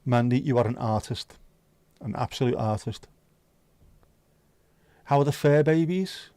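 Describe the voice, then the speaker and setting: A man's voice: mid-range voice, unhurried, mellow, no room sound. A man hosting a livestream, chatting casually with viewers and teasing them. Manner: joking, teasing, chatty banter. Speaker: livestream host.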